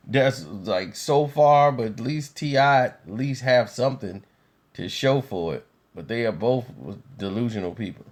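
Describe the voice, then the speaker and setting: A man talking casually to his viewers in an unhurried, conversational way, laughing easily. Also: mid-range voice. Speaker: video commentator.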